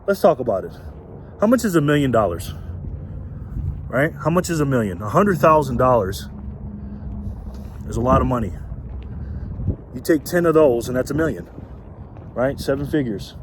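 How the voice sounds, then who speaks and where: A man's voice: medium pitch, sing-song, normal speed, long pauses. A man giving a rambling outdoor vlog rant, full of rhetorical questions and laughing at his own points, recorded on a handheld mic in the wind. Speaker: political commentary vlogger. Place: outdoors in wind, urban area.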